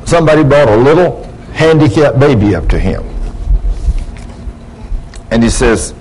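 A man's voice: medium pitch, expressive, measured pace, long pauses, darkish tone, a little hiss or hum, rough recording. Preacher telling stories to his congregation. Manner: storytelling, acts out dialogue with rising emphasis. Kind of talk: sermon. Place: church before a congregation.

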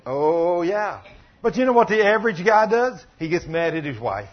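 A man preaching a sermon, telling a story and acting out the voices in it, with sudden loud bursts. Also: sits high, very animated, normal speed. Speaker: pastor. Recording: muffled lo-fi sound.

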